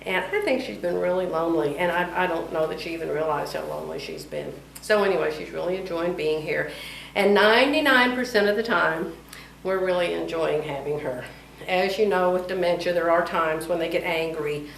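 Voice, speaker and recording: Recorded from a distance in a roomy space with a little hiss or hum, a middle-aged woman talks briskly in a low, vocal-fry voice. She's a vlogger chatting casually at home, laughing frequently and becoming animated when she quotes other people.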